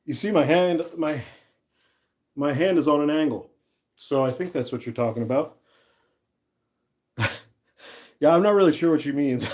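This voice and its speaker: A man's voice: on the high side, animated, moderate pace, pauses often, darkish tone. Chatty man hosting a woodworking livestream. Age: 30s. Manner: chatty, laughs easily, reads and answers chat. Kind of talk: casual livestream chat while working.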